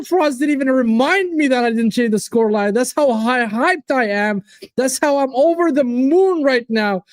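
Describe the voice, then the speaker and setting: A man hosting a live football watchalong, reacting to the match and chatting to viewers in an excitable, casual way. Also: very high-pitched, normal speed, no room sound. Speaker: watchalong host. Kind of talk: live fan reaction commentary.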